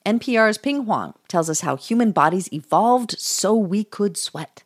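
A woman's voice: medium pitch, lively intonation, unhurried, no echo, studio quality. A woman news anchor reading a story introduction.

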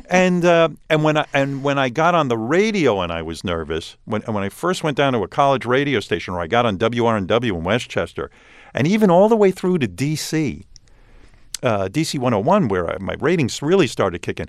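An older man with a New York accent, talking in a casual interview and telling stories in an animated, self-mocking way. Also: mid-range voice, brisk, dry recording, studio quality. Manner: animated, self-mocking storytelling with frequent restarts. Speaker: radio host as guest.

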